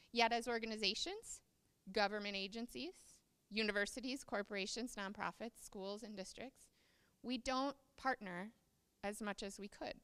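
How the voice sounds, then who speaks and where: Woman, conference presenter, smooth resonant voice, echoing hall. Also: medium pitch, bright, forceful tone. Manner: explanatory, reads aloud from notes.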